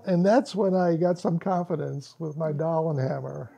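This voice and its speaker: Gravelly, mellow-voiced male storyteller. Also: a little high, moderate pace. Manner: animated storyteller, acts out quotes, laughs often. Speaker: workshop presenter. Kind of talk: casual storytelling to a small group.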